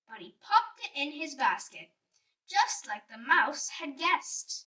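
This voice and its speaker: Slow, lilting woman reading a rhyming story. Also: sits high. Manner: slow, expressive, sing-song rhyme. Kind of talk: rhyming storybook read-aloud. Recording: voice a bit distant, faint music behind.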